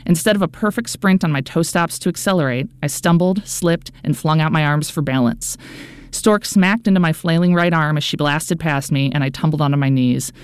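A woman's voice: sits low, normal speed, clear, resonant tone, dry recording. A woman narrating a first-person audiobook in an earnest, anxious inner-monologue manner.

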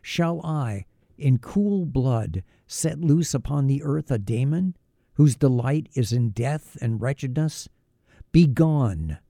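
A man's voice: mid-range voice, expressive, slow pace, vocal fry, warm tone, dry recording, clean studio sound, full character voice. A man voicing a defiant young male scientist, firm and indignant, declaiming in an audiobook reading.

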